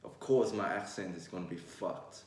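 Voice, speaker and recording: This young Vietnamese vlogger in his twenties talks bluntly and candidly to the camera in a mixed Vietnamese-Australian accent, swearing freely. His voice is deep and darkish with a moderate pace. The mic sits away from him in a room with a lot of echo.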